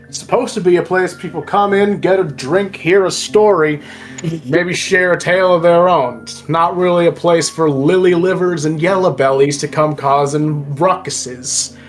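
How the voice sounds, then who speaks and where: A woman narrating as game master in a relaxed, hesitant way with fillers. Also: fairly low pitch, a little slow, soft background music.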